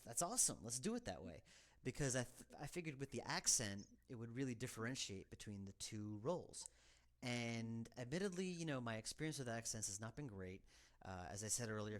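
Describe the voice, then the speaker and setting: A man talking through casual developer commentary in a rambling, hesitant way. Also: lowish voice. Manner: rambling, hesitant, full of fillers. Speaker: game developer giving commentary.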